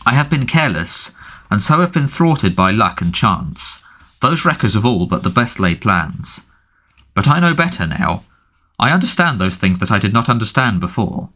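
A man reading an audiobook, voicing a cold, menacing male dark lord who speaks in a quiet, thoughtful, hissing tone. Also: fairly low pitch, very animated, moderate pace, full character voice. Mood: cold menace.

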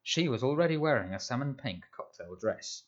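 A man narrating a children's novel in measured, scripted storytelling. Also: medium pitch, animated, dull audio. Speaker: audiobook narrator.

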